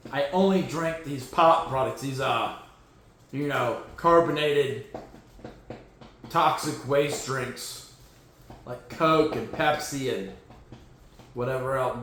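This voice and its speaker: A man hosting a casual football podcast, sarcastic and joking, jumping from loud outbursts to low mutters. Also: a little hiss or hum. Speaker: podcast host. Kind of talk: casual sports commentary. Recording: very echoey room.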